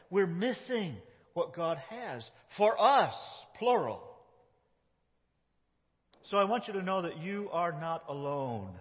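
Dynamic American pastor preaching in a hall. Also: male voice, high voice, dull audio. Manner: dynamic preaching, swings from loud emphasis to soft near-whispers. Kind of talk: sermon. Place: church sanctuary.

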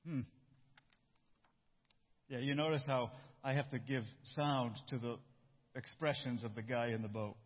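A man pastor giving a sermon and reading a storybook aloud, with relaxed, self-interrupting asides. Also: medium pitch, normal speed. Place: church. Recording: dull echoey church hall.

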